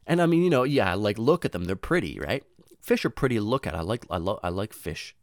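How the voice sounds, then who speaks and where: Animated, swearing young man telling stories. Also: fairly low pitch, brisk, no room sound, clean studio sound. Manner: rambling, profane, slangy, acts out voices. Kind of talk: casual storytelling monologue.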